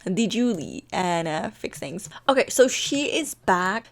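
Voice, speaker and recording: A woman's voice: mid-range voice, animated, unhurried, hardly any pauses. A woman telling a story as she plays a life-sim game, chatty and giggly, often breaking off mid-sentence. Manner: chatty, giggly, self-interrupting. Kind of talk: casual gameplay storytelling.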